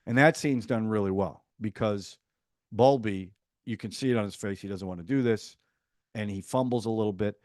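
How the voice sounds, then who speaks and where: A man hosting a podcast, casually reviewing a TV series and retelling scenes in a chatty, animated way with quick asides. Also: lowish voice, no echo, clean studio sound.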